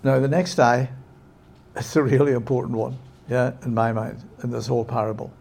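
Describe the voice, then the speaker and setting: A man preaching a sermon with emphasis, often checking in with his listeners with a quick "yeah?". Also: mid-range voice, fairly even intonation, vocal fry, darkish tone, husky.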